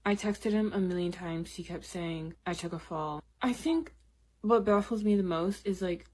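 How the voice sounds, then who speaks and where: A woman's voice: medium pitch, moderate pace, a little mellow. A young woman casually telling her own story in the first person, candid and chatty, with frequent "like" and "literally". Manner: candid, conversational, many "like" and "literally" fillers.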